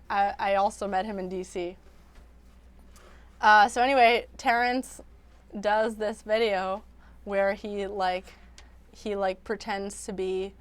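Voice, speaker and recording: A woman's voice: mid-range voice, clear, resonant tone, no echo. A young woman hosting a livestream, chatting casually and rambling with lots of "like" and restarts. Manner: rambling, filler-heavy, many restarts. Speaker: livestream host.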